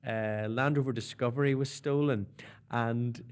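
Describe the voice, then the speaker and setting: A man's voice: mid-range voice, fairly even intonation, a little slow, clear, resonant tone. A young man with a Northern Irish accent, a comedian guest telling stories in a radio interview. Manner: chatty storytelling, slipping into mimicked voices.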